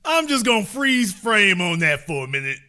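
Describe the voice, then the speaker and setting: A man's voice: high-pitched, sing-song, bright, forceful tone. A man hosting a political commentary show, talking in a folksy, teasing way. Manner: folksy, teasing, drawn-out remarks. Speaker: show host.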